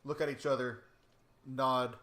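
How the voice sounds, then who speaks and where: A man in the game master's seat, narrating a scene and walking players through the rules. He talks in a halting way, full of fillers and restarts, at a middling pitch. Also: level tone, fairly bright tone.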